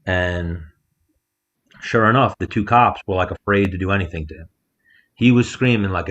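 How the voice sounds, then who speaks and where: A man with a fairly low voice co-hosts a podcast from a rented house. He tells his story in a loose, profane way and punches up the quotes. The sound is muffled and lo-fi, like a remote call. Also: normal speed. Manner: animated storyteller, acts out quotes loudly. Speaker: podcast co-host. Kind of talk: casual storytelling chat.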